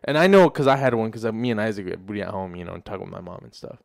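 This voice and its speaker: A man's voice: fairly low pitch, expressive, quick pace, creaky, dry recording, clean studio sound. A man in casual podcast chat, chiming in often and calling people dude. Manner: supportive backchanneling, says dude a lot. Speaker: podcast co-host.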